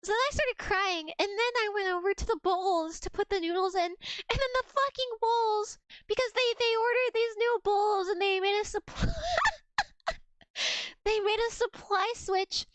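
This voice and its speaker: A woman's voice: very high-pitched, moderate pace, fairly bright tone, no room sound. A young adult woman streamer telling work stories in a casual, profane way, often laughing as she goes. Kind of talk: casual storytelling on a game stream.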